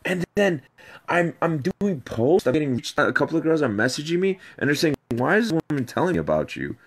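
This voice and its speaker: A man in a played clip tells a rambling personal story, animated and repetitive. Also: on the high side, a little fast. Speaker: video subject ranting about an ex.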